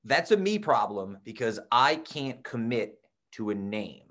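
A man's voice: medium pitch, measured pace. A young man, a teacher and podcast co-host, telling stories in casual chat and acting out the quotes with gusto. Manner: animated storyteller, acts out quotes loudly.

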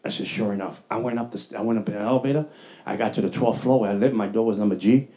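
A man preaching a testimony sermon, telling his story in an animated way and acting out his own dialogue. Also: lowish voice, very fast. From New York.

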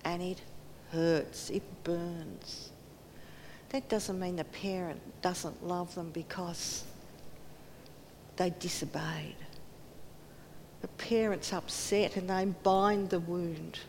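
A woman's voice: steady tone, slow pace, long pauses, darkish tone. A woman giving a sermon in earnest tones, acting out quoted voices and dropping to near whispers. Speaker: preacher. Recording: hall reverb, faint rumble.

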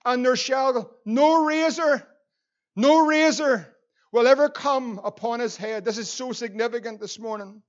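A man's voice: very high voice, unhurried, highs cut off. A man with a Northern Irish accent preaching a sermon as pastor, earnest and repeating phrases for emphasis.

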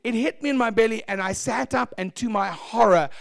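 High-voiced animated male pastor. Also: a little fast, vocal fry, no echo, studio quality. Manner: animated storytelling, acting out shouts and laughter. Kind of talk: testimony sermon.

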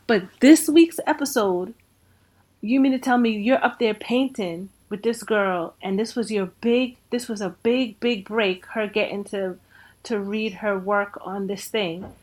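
A woman co-hosting a casual podcast, her voice at an ordinary middle pitch. She speaks haltingly, restarting her sentences as she works through her upset. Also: a little mellow. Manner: hesitant, halting, restarts when heated. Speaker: podcast co-host. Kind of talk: casual chat.

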